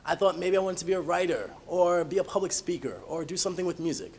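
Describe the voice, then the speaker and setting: A young man, a college student, telling humorous personal stories in an animated, self-mocking way. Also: high-pitched, fast, slightly rough. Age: young adult.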